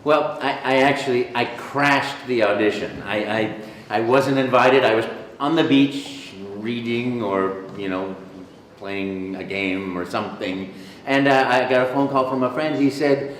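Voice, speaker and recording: Animated male storyteller in an echoey hall. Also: mid-range voice, unhurried, slight background noise. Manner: animated, jokey storyteller, breaks into voices. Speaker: voice actor, interview guest. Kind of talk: casual storytelling interview. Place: convention venue.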